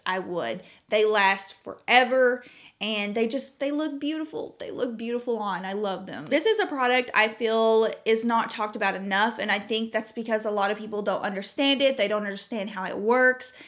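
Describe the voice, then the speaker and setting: Young woman vlogging makeup faves, kinda high voice, gushy and chatty. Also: a bit bright. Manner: chatty and enthusiastic, gushing about favorites. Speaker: beauty vlogger. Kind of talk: casual product review to camera.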